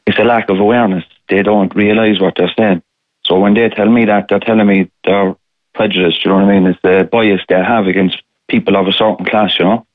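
A man with a Cork accent, a podcaster guest on a radio show, explaining in a measured way. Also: fairly low pitch, steady tone, dry recording. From north side of Cork, Ireland. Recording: tinny phone line.

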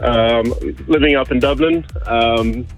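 A man with a South African accent, calling in to a radio show, chatting in a friendly, relaxed way with a few fillers. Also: mid-range voice, slow pace. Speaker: radio caller. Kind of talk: casual phone chat. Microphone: phone. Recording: phone line with faint music.

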